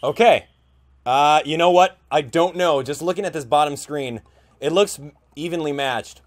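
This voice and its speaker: A young man giving casual gameplay commentary, chatty and excitable, thinking aloud with plenty of fillers. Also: a little high, normal speed. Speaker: gaming YouTuber.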